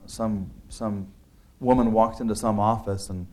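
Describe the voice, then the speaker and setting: Guy, lowish voice, earnest, lots of um and restarts, talking about his book. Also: fairly even intonation, measured pace, dark tone. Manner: earnest, many restarts and filler words. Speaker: author discussing his book. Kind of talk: conversational talk.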